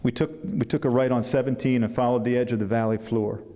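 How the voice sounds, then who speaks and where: A man, an author, reading a passage from his novel at a book fair symposium, with unhurried pacing and a few asides. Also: medium pitch, steady tone, warm tone. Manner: unhurried reading with fillers and restarts between passages. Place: symposium hall. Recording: long hall reverb.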